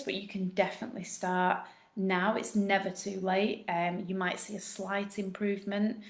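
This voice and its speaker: A woman with a Northern English accent, a postnatal fitness coach chatting quickly through a live Q&A. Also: mid-range voice, echoey room. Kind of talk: live Q&A chat.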